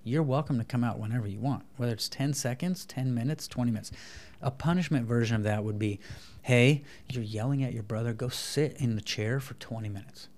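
A man speaks as a guest on a podcast, with a voice that sits in the middle of the range. He explains his ideas in a lively, conversational way, and now and then acts out what a child or a dad might say. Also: medium pitch. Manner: animated, acts out kids and dad in quick voices. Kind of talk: conversational interview, explaining parenting.

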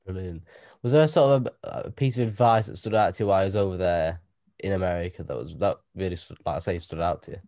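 Male interviewer, deep voice, quick delivery, loose rambling questions. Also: a little mellow.

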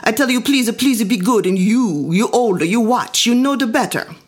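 A stern, exasperated immigrant mother, as a woman storyteller plays her, scolding in broken English. Her voice is pushed higher and louder than the narrator's, and it carries a slight husk. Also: animated, moderate pace.

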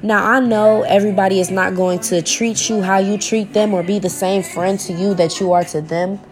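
A woman's voice: mid-range voice, fairly even intonation, moderate pace. A young woman, talking to her viewers in a personal vlog, heartfelt and informal, often repeating herself as she searches for words, close to tears at times.

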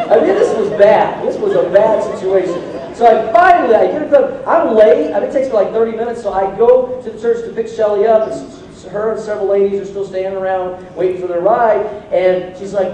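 Animated, high-voiced pastor in an echoey hall. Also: male voice, brisk, few pauses, far from the mic, some chatter behind. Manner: animated storytelling with self-mocking humor. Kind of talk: sermon. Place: church sanctuary.

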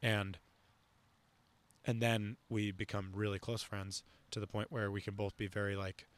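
Hosting his podcast, a young man talks casually and wanders off topic, restarting sentences and using lots of fillers. His pitch is fairly low, his tone level, and his pace measured.

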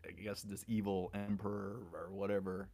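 A man's voice: lowish voice, level tone, normal speed, creaky, darkish tone. A man with a Southern US accent co-hosting a casual movie review chat, joking as he talks. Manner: joking, laughs easily. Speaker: film review co-host.

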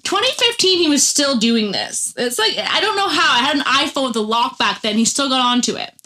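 Young woman telling a wild story, lots of swearing, bright sharp voice. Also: high voice, a little fast. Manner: animated, heavy swearing, laughs mid-story. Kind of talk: casual storytelling.

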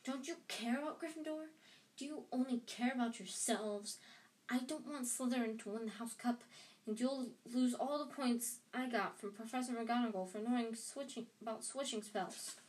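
Shrill snappy know-it-all schoolgirl, bossy and prim, done by a lady reading the book out loud. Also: normal speed, close to an everyday voice. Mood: indignant.

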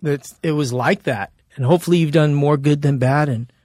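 Animated man telling his story. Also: a little high, fairly quick, no echo, studio quality. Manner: animated, acts out quoted dialogue; laid-back slang-heavy talk. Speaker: podcast guest. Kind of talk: casual interview storytelling.

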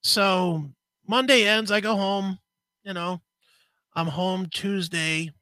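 Bright-voiced, foul-mouthed man telling a story. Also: high voice, slow, dry recording. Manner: profane, animated storyteller. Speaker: co-host. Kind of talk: casual storytelling chat.

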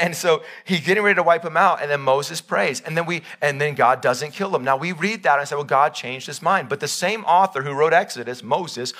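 Bright-voiced preaching pastor, loud then hushed. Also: male voice. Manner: swings between loud emphatic peaks and quiet low passages; voices God and Bible figures in quoted speech. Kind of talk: live sermon. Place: church.

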